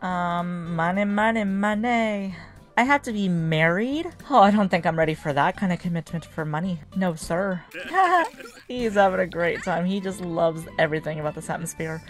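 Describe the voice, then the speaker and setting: A woman hosting a life-sim game video, chatting casually as she plays, excitable and teasing, often laughing and cheering. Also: lowish voice, moderate pace, soft background music. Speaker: gaming channel host.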